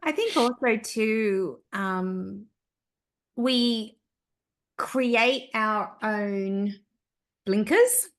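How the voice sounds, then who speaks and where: A woman's voice: mid-range voice, drawn-out words, long pauses. A woman hosting a podcast interview who listens attentively and affirms her guest. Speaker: podcast host. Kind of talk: interview conversation.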